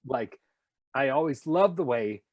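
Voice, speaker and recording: A voice actor from Nashville with a light Tennessee accent tells stories as a guest in a casual interview, animated and slipping into impressions. His mid-range voice moves a little slowly, and there's no room sound.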